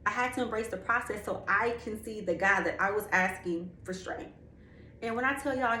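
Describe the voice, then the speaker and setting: A woman's voice: medium pitch, moderate pace, bright, forceful tone. A young woman giving a candid, slangy faith testimony, emphatic and drawing out key words. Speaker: faith speaker. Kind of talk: personal testimony. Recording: echoey room with faint ambient noise.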